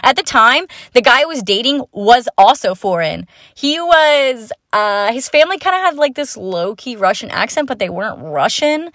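A young woman hosts her own podcast and tells stories from her student days in an unscripted, chatty ramble. She swears freely, laughs at herself and breaks off into quick asides. The sound is dry and close, with almost no room echo. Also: on the high side. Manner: chatty, swearing, self-mocking, lively asides. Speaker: podcast host. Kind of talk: unscripted storytelling monologue.

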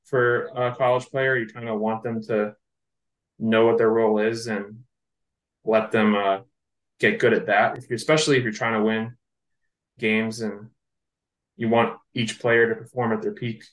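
A man's voice: lowish voice, level tone, moderate pace, pauses often, fairly bright tone, roomy sound, poor audio. A man co-hosting a sports podcast, chatting casually and thinking aloud with frequent fillers. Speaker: podcast co-host.

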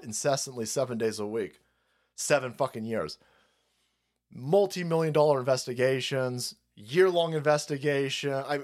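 A man hosting a stream, delivering a heated, profane political rant full of repetition and mocking asides. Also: a little high. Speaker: stream host.

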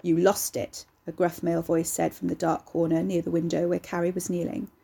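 Mellow, husky woman reading an audiobook. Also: fairly low pitch, completely flat delivery, a little fast. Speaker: narrator. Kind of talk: audiobook narration.

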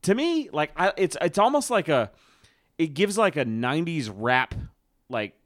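A man's voice: on the high side, very animated, a little slow, a bit bright, dry recording, studio quality. A man hosting a podcast in casual chat, rambling and swearing with frequent restarts. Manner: rambling, profane, many restarts. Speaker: podcast host.

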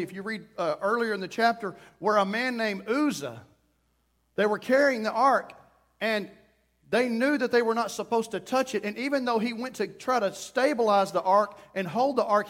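Guy preaching a sermon, fairly high voice, gets fired up and pleading, acts out little quoted bits. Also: moderate pace. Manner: impassioned preaching, rising to loud pleading prayer. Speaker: pastor.

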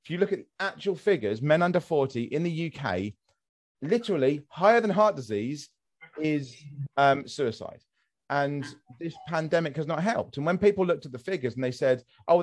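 A man's voice: on the high side, animated, fairly quick. A man in his thirties hosting a podcast, arguing his opinions with many restarts and repeated words. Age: 30s. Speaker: podcast host. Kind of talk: casual podcast discussion.

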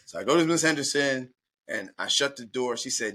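Talking a little fast at medium pitch, the middle-aged Baltimore native spins a personal anecdote as a guest, bringing it to life by acting out what everyone said.

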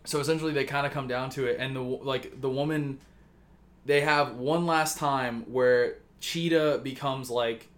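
A man with a mid-range voice, steady tone, and moderate pace is a podcast co-host pitching a story. He retells it casually, rambling along with lots of fillers and swearing.

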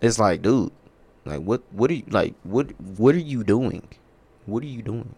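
A man's voice: lowish voice, expressive, normal speed, vocal fry, a little mellow, breathy edge. A young man hosting a sports podcast, ranting in a casual, profane, rambling way.

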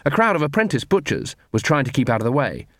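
Male audiobook narrator, measured delivery, mid pitch, dry studio sound. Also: sing-song, fairly bright tone, no room sound. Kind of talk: scripted narration.

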